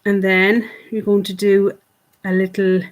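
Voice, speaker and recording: A woman's voice: medium pitch, flat delivery, measured pace. Chatty woman teaching kids clay. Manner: chatty, encouraging, talks to the camera as if to kids; fond of cute words like "little". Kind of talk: online craft lesson for children.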